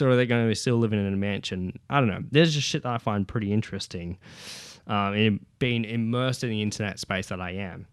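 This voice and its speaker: A man's voice: lowish voice, clean tone, no room sound, studio quality. A man hosting a casual solo podcast from home, rambling, swearing freely and using lots of fillers. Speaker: podcast host. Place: at home with his child nearby. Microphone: podcast microphone.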